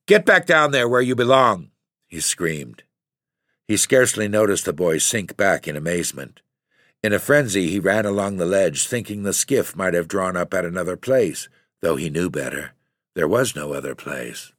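Man, audiobook narration, very low voice, measured steady reading, dry close recording. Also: no room sound.

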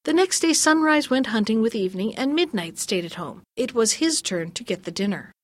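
Woman reading a fairy tale aloud. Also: on the high side. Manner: measured, gently expressive reading. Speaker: storyteller. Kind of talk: scripted narration of a fairy tale.

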